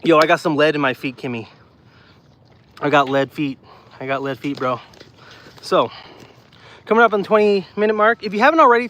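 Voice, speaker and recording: Man, out of breath, walking livestream, slightly high voice, faint wind and traffic behind. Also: fairly quick, long pauses, a bit bright. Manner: loose, repeats himself, chatty with viewers. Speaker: streamer doing a walking livestream. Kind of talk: casual chat reading live comments. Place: outdoors walking on gravel. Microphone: phone mic, no external mic.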